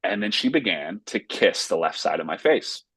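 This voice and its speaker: Man, pastor guest, from North Carolina, low husky voice, dry close sound, earnest heartfelt storytelling. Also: big pitch swings, normal speed, a bit bright, dry recording. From Raleigh, North Carolina, US. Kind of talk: casual interview storytelling.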